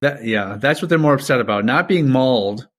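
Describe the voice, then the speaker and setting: A man's voice: medium pitch, expressive, brisk. Young podcast cohost guy, giggles a lot, reads a bit then riffs. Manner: giggly, laughs often, playful mock voices. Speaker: podcast co-host. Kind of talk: casual comedic chat, reading a story aloud.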